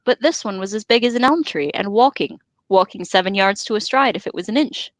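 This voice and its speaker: A woman's voice: medium pitch, fairly quick, no room sound, natural voice. A woman reading the lines of a stubborn, earnest male hobbit gardener in a storybook read-aloud. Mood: insistent. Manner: insistent, earnest.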